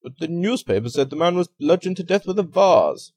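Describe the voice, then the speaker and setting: A man playing a pompous professor who declares things with certainty and waves ideas away. His pitch rises emphatically, recorded dry and close. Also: sing-song, brisk, a little mellow, no room sound. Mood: dismissive.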